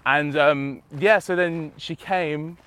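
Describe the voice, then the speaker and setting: A man's voice: a little high, slow pace, clear, resonant tone. A man telling stories as a podcast guest, acting out the voices of the people he quotes. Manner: animated storyteller, acts out quotes. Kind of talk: casual podcast chat.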